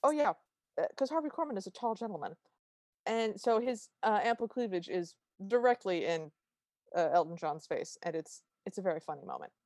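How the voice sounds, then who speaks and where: A woman's voice: mid-range voice, animated, brisk, a little mellow, no echo, clean studio sound. A woman co-hosting a podcast, casually retelling a TV special's plot and quoting its lines. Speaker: podcast co-host. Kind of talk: casual chat recapping a TV special.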